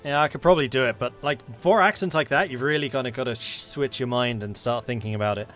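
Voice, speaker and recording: A man's voice: medium pitch, quick pace, fairly bright tone, soft background music. A man with a London accent, chatting casually as he plays through a strategy game, mumbling to himself. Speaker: gameplay streamer.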